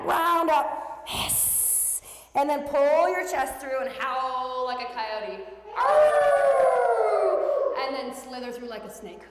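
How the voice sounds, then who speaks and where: Playful high-voiced woman teaching kids yoga. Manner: encouraging, playful cues with animal sounds. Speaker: yoga instructor for children. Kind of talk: guiding a kids' yoga class. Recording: echoey room with long reverb.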